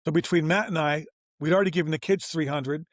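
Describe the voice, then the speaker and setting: Animated storytelling man, dry close sound. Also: on the high side, fast talker, no echo. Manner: animated, acts out quoted dialogue, informal. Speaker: guest, business owner. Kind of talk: casual storytelling interview.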